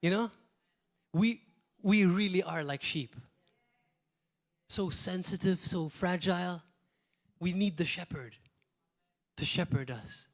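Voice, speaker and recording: A man's voice: high voice, takes it slowly, long pauses. A male pastor, preaching a sermon in a conversational way, with repeated phrases and short asides. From Malta.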